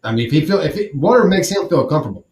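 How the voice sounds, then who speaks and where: Casual sports podcast co-host, man, blunt and profane, slightly high voice, echoey room. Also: rapid-fire. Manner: profane, blunt, animated storytelling. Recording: roomy echo.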